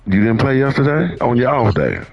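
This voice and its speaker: A man's voice: medium pitch, very animated, fairly quick, gravelly, breathy edge, dry recording, lo-fi sound, faint music behind. A male video game streamer trash-talking rivals in game chat, boastful and teasing, repeating himself.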